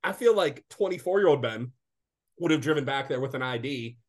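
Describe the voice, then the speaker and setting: A man in his late twenties, sick and a bit congested, co-hosting a casual podcast with animated, profane storytelling. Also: medium pitch, a little fast. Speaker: podcast co-host. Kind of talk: casual chat.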